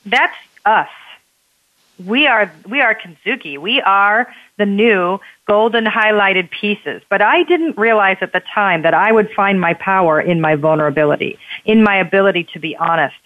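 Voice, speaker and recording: A woman speaks earnestly and expressively, leaning hard on her points as she shares her own experiences. Her voice sits at an average pitch. The sound is dry and narrow, like a tinny phone call. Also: animated, normal speed, no room sound. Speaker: guest author and bodyworker. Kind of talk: candid conversational storytelling.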